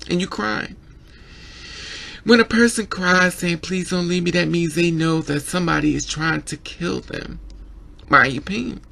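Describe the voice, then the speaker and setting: A man with a rough, gravelly voice that sits a little high for a man. He talks through a documentary in an emotional vlog, circling back on his points and tripping over his words when he gets worked up. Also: normal speed, bright, forceful tone. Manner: emotional, repetitive, stammers when upset. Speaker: vlogger reviewing a documentary.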